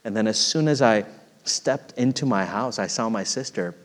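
A middle-aged man preaching a sermon in an earnest, storytelling way, swelling louder when stirred and dropping soft when reflective. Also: lowish voice, expressive, normal speed. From United States. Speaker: pastor. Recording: long hall reverb.

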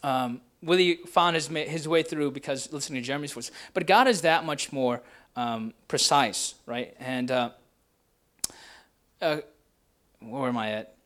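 A man's voice: mid-range voice, measured pace, a bit bright. A young man preaching a casual, conversational sermon to students, often tagging his points with "right?". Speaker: pastor.

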